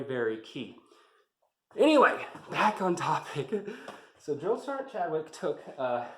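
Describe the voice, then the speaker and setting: A man telling an army story in a casual, rambling way, swearing often and getting heated, in a roomy-sounding space. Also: a little high. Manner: profane, rambling, gets heated. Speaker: army veteran vlogger. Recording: roomy echo.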